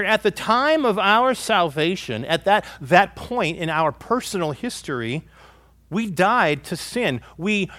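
A male pastor delivers a sermon in a high, very animated voice that swoops up and down. He speaks slowly and emphatically, often pausing to check in with his listeners. The sound is dry and close. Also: no room sound. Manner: emphatic preaching, with many rhetorical "right?" and "okay?" checks.

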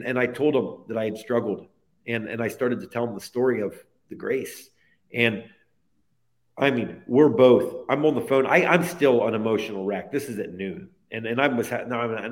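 A man with a medium-pitched voice is a guest on a podcast, sharing a personal faith story. He speaks earnestly and from the heart, piling one phrase onto the next.

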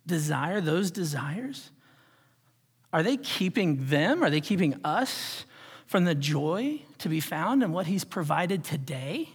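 A man's voice: sits high, a bit bright, slightly rough. A man preaching a sermon as pastor, asking his congregation question after question with earnest, shifting emphasis. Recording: long hall reverb.

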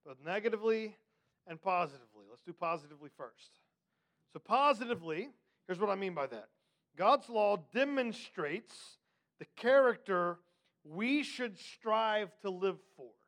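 A man teaching a Bible study lesson, reading scripture slowly and putting questions to his class in an emphatic, conversational way. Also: high voice, expressive, fairly bright tone. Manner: reads scripture slowly and deliberately.

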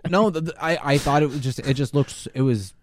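A man co-hosting a casual podcast chat, rambling with stammered restarts, swearing freely and getting excited. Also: on the high side, fairly quick, no echo, clean studio sound. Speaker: podcast co-host.

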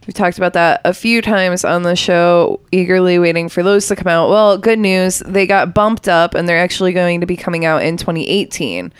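A woman's voice: lowish voice, smooth, no room sound. A woman co-hosting a podcast, chatting casually about gaming news. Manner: brief reactions, then upbeat news delivery. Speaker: podcast co-host.

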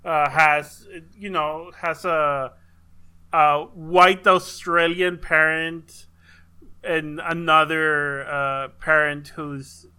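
A woman's voice: sits low, fairly even intonation, drawn-out words, bright, forceful tone, clear, resonant tone. A woman in casual chat, joking and playful, with frequent swearing.

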